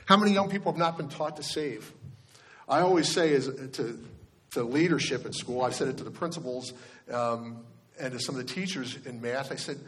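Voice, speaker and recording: A man's voice: medium pitch, moderate pace, a bit bright, husky. A male pastor giving a sermon in a conversational storytelling way, often restarting his sentences.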